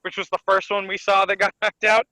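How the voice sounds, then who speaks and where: A man co-hosting a casual podcast, retelling a comic chapter in an animated way and laughing often. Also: high-pitched, a little fast, no room sound, rough recording. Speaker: podcast co-host.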